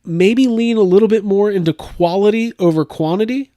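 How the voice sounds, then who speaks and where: Animated, rambling guy chatting. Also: sits high, normal speed, no room sound, studio quality. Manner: rambling, animated, laughs often. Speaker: podcast host. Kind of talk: casual chat.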